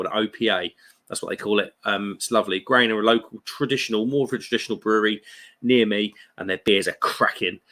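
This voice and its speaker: A man's voice: mid-range voice, fairly bright tone. A man in his thirties with a British accent, chatting casually on a beer live stream and reading viewer comments, jokey and friendly. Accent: British English. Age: 30s. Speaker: beer livestream host.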